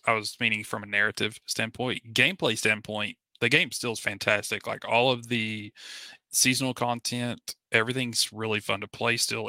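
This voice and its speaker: A man's voice: lowish voice, sharp tone, dry recording. A man co-hosting a gaming podcast, talking casually and earnestly with many fillers and restarts. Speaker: podcast co-host. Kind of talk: casual chat.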